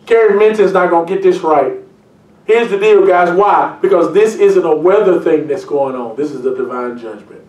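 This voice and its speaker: A man preaching a sermon as pastor, reading scripture aloud and breaking into jokes and lively asides. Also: fairly high pitch, normal speed, far from the mic. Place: church. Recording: echoey room, mic from afar.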